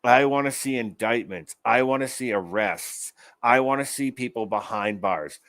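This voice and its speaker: A man's voice: mid-range voice, normal speed, fairly bright tone, no room sound. A man hosting an online commentary show, ranting angrily about news clips with profanity and sarcasm. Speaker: show host.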